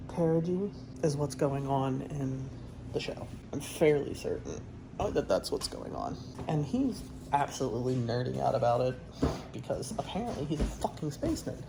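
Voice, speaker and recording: A woman with a low, gravelly voice chats away at home in a loose, rambling stream. She swears freely and keeps cutting herself off to restart a thought. A faint hum of room ambience sits under her. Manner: chatty, swears often, trails off and restarts. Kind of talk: casual rambling chat.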